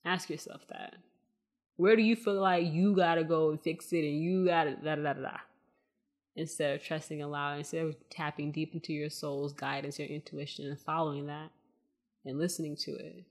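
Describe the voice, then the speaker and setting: Speaking at normal speed in a low-pitched, steady tone, this spiritual podcast host chats casually with her listeners. She meanders softly, uses lots of fillers, and addresses them as y'all.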